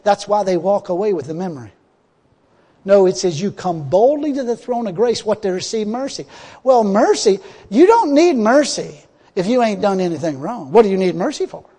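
A male preacher with a notably high voice delivers a folksy sermon, laughing often and building to loud, urgent appeals. His voice rings out through a church hall with a long reverb tail. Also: very animated, moderate pace.

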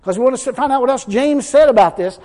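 Speaking fast in a very high voice with a dark tone, a man preaches an emphatic sermon. He reads scripture aloud and plays out what people say, and a long hall reverb fills the recording.

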